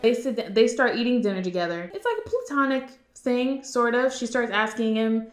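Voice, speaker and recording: Chatty woman recapping a film, roomy echo. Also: on the high side. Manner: animated, slips into quick impressions of characters. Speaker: movie recap youtuber. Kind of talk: casual movie recap.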